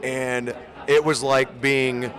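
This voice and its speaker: A man's voice: mid-range voice, level tone, slow pace, fairly bright tone, a faint crowd. A man, a musician, recalling a first meeting in an enthusiastic, fond way in an interview. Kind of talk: storytelling interview.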